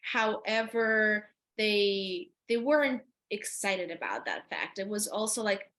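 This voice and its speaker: Young woman from Ukraine, native Russian speaker, interviewee; measured, pausing, mid-pitched. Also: lively intonation, a bit bright. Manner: thoughtful, pausing often and restarting phrases. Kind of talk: personal interview.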